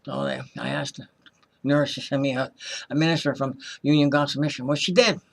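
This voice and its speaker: A man's voice: mid-range voice, steady tone, fairly quick, gravelly. An older man giving an earnest religious testimony, rambling with frequent restarts and self-corrections. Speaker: testimony speaker.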